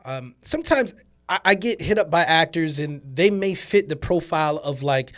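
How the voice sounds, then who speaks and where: A man's voice: a little high, animated, fairly bright tone. A man hosting a casual podcast chat, often repeating words and using fillers as he gets his point across. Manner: halting, repeats words and uses many fillers. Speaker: podcast host.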